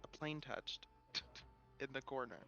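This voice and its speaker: A man's voice: mid-range voice, slow, sharp tone, muffled recording, faint music behind. A man playing in a tabletop game, teasing the others and laughing a lot. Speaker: player. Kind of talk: tabletop role-play chat.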